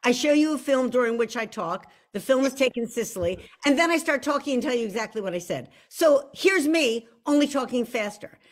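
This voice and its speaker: An American woman with a high, animated voice hosts a live online show, talking fairly quickly with few pauses. Her chat is casual and self-deprecating, and she frequently restarts her sentences.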